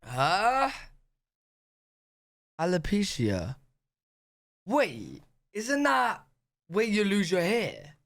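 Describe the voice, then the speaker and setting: A man's voice: high-pitched, wildly swooping pitch, very slow, creaky, fairly bright tone. A British man reacting casually, stumbling over words and using slang. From Britain. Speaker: reaction streamer.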